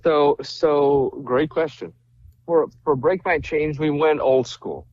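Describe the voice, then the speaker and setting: A man from Romania, guest on a podcast, tells his stories with energy and slips into the voices of the people in them. His voice sits a little high. The recording sounds dull and lo-fi. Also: takes it slowly. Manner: animated storyteller, acts out quoted dialogue. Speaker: guest musician. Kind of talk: casual interview chat.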